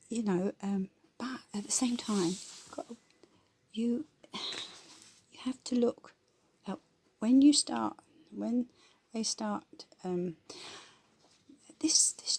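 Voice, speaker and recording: A woman's voice: medium pitch, takes it slowly, creaky, slight background noise. A woman giving her blunt, rambling opinions in casual, colloquial talk.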